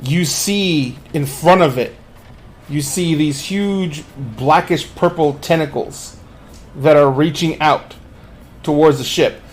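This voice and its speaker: Game master, male, narrates scenes, a touch high in pitch. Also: slow, slight background noise. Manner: descriptive narration with frequent restarts.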